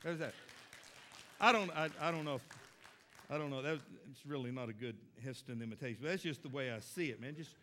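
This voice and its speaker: A man's voice: medium pitch, brisk, fairly bright tone, a faint crowd, a little hiss or hum. A middle-aged man preaching a sermon as a pastor, folksy and conversational with emphatic stresses.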